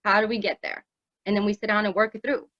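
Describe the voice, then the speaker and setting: A woman's voice: mid-range voice, steady tone, fast, no room sound. A woman founder speaking in a casual conversation, earnest and reflective, restarting her sentences. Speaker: project founder. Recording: dull, dry recording.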